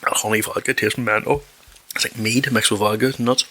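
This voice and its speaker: A man's voice: on the low side, steady tone, brisk, bright, forceful tone, breathy edge. A man from West Belfast with a Northern Irish accent, chatting casually and profanely as a podcast host, rambling and restarting his sentences. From West Belfast, Northern Ireland. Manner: rambling and profane, self-correcting, with repeated restarts. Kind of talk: casual chat.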